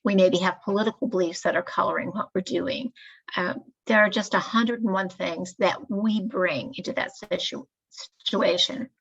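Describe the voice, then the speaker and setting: A woman leads a staff training lecture, explaining each point in a steady, measured way. Her voice is gravelly and husky. The recording is dull and lo-fi. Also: mid-range voice.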